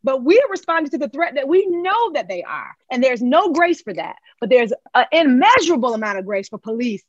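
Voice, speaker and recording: A woman's voice: sits high, very animated, fairly quick, no echo, muffled recording. Emphatic woman with a North Carolina accent. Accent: North Carolina Southern. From Charlotte, North Carolina. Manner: emphatic, passionate, tag questions. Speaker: guest. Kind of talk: podcast conversation.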